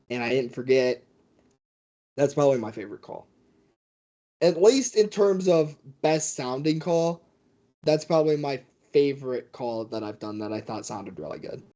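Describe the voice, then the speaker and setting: A man who works as a fight commentator, telling stories as a guest in a casual interview with a mid-pitched voice. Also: moderate pace, dull audio. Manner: animated storyteller.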